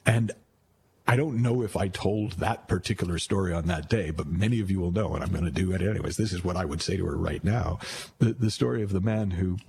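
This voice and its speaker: A man's voice: deep voice, fairly quick, creaky, darkish tone, a little hiss or hum. A man, a radio show host, telling stories in a rambling, casual way with many restarts. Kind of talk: casual storytelling.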